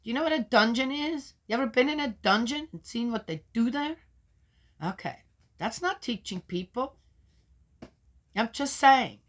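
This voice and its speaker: A woman's voice: fairly high pitch, expressive, moderate pace, pauses often. A woman reading scripture aloud, breaking off into skeptical, argumentative asides that sink to a mutter. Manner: interrupts herself with doubting, argumentative remarks; loud when reading, drops to mutters for asides. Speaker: scripture reader and commentator.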